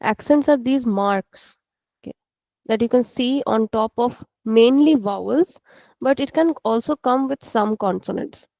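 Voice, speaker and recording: A patient woman teaching an online language lesson to students, repeating words slowly and explaining each sound. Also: fairly high pitch, gravelly, a little mellow, dry recording, rough recording.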